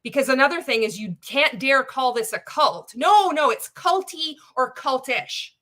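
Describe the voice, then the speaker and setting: A woman's voice: sits high, animated, a little slow, bright, forceful tone. A woman content creator delivering an angry, sweary, sarcastic rant to camera. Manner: angry, sweary, sarcastic, mock-quoting others. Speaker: anti-MLM content creator.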